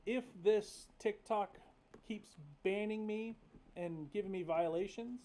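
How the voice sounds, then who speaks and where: A man's voice: high-pitched, takes it slowly, darkish tone. A young man from North Carolina, hosting a casual livestream, talking candidly and profanely with many fillers. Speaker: livestream host.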